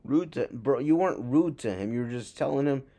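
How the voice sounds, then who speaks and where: A man's voice: medium pitch, brisk, warm tone. A young man reacting to a story video in casual chat, rambling and joking, often calling people bro. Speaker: reaction streamer.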